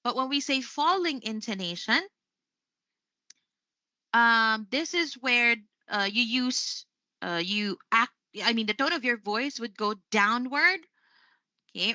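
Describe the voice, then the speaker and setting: A woman's voice: fairly high pitch, sharp tone, no echo, muffled recording. A Filipino woman hosting a live English lesson, chatty, tagging "right?" onto most of her points. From Philippines.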